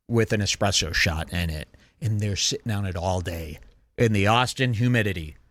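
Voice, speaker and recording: A man's voice: fairly low pitch, a bit bright, no echo. A man hosting a podcast, mocking and sneering in casual commentary over video clips. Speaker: podcast host.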